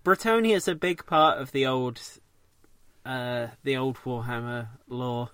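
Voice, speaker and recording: A man's voice: medium pitch, measured pace, fairly bright tone, clear, resonant tone, dry recording. A man in a casual podcast chat, chipping in with short replies and explaining fantasy game lore. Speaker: podcast co-host.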